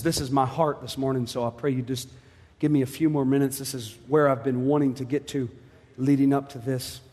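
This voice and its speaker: A man preaching a sermon with passion, moving from quiet, hushed passages to shouted ones. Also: fairly high pitch, big-room sound.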